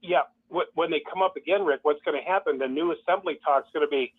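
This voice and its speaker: A man's voice: fairly high pitch, fast, slightly rough. Fervent man on a tinny phone line. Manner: fervent, repetitive, mocking quoted voices. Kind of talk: impassioned call-in commentary.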